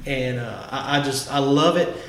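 A man's voice: mid-range voice, normal speed, a bit bright. Rambling fan man, echoey room. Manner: enthusiastic, rambling with restarts. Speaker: podcast host. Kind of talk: casual music chat. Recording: echoey room, faint background noise.

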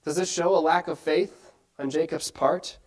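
Male preacher with a high voice, earnest sermon delivery, keeps posing questions to the congregation. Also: steady tone, moderate pace, darkish tone, low-quality recording. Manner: earnest, asks many rhetorical questions.

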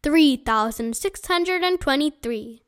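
A woman's voice: sits high, expressive, slow pace. A woman voicing a stern old witch in a storybook reading, curt and dismissive. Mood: cold.

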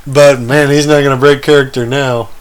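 A man co-hosting a casual rewatch chat, relaxed and agreeable, laughing along. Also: medium pitch, moderate pace, clean tone. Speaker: podcast co-host.

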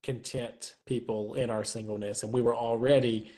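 As a guest on a podcast, a man talks casually but earnestly and reflectively, repeating words as he thinks. His mid-range voice is warm and level at a moderate pace, captured in a low-quality recording.

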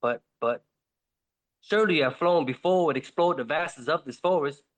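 A man's voice: fairly high pitch, moderate pace, close to an everyday voice, rough recording. A man voicing a lonely, hungry male wolf who pleads and wheedles. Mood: pleading.

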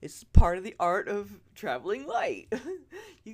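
A woman hosting a podcast, ranting straight at her listeners, swearing freely and swinging from loud outbursts to hushed asides. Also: medium pitch, big pitch swings, unhurried, noisy background. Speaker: podcast host. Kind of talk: ranting opinion monologue. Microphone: earbud listeners, close mic.

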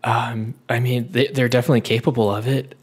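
Dude at a tabletop game, mid-pitch, lots of likes and ums, keeps stopping and restarting. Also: male voice, level tone, a little mellow, husky. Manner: halting, full of likes and ums. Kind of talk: casual in-character play.

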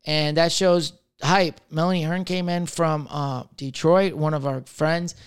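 A young man riffs alone on his comedy podcast, rambling and cursing casually as he goes. His voice sits a bit high and comes through smooth and clear. The sound is close and dry, with no room around it. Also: steady tone, unhurried, no room sound. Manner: loose, rambling, swears freely, laughs at himself. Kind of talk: casual solo chat.

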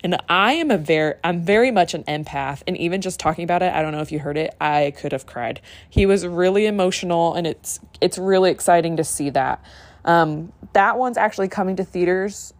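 Excitable young woman podcast host. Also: fairly low pitch, a little fast, dry recording. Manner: gushing and excitable, with many restarts. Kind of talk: casual solo podcast chat.

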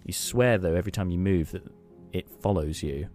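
A man's voice: low-pitched, fairly quick, darkish tone, soft background music. A man narrating as game master in a tabletop role-playing session, casual with many fillers.

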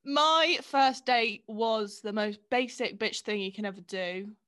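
A young woman co-hosts a loose, casual chat, teasing her friend and giggling often. Her voice sits slightly high. She drops the odd swear word without fuss. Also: unhurried, fairly bright tone, clear, resonant tone. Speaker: podcast co-host.

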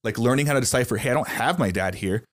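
A man's voice: medium pitch, fast. A young man hosting a podcast, thinking aloud in casual conversation. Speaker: podcast host.

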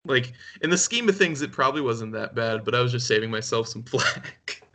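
Podcast co-host, male: crisp bright tone, loose rambling talk, quick to laugh at himself. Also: mid-range voice, lively intonation. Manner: rambling, laughs often, self-deprecating. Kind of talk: casual chat.

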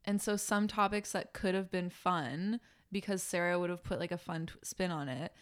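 A woman's voice: on the low side, fairly even intonation, normal speed. A woman co-hosting a podcast in casual chat, laid-back and laughing along. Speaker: podcast co-host.

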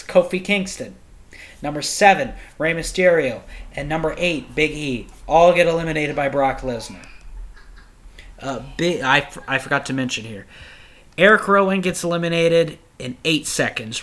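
A young man talks through a solo podcast review in a loose, rambling way, swearing freely as he gets worked up. His voice sits a little high and rings bright and forceful. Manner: profane, excitable, rambling. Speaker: podcast host.

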